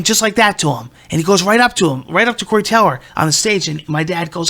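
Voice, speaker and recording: Male podcast host, 30s, bright gravelly voice, swears constantly and rambles as he tells a story. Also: sits high, fast, hardly any pauses. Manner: profane, excitable, rambling. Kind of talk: casual storytelling.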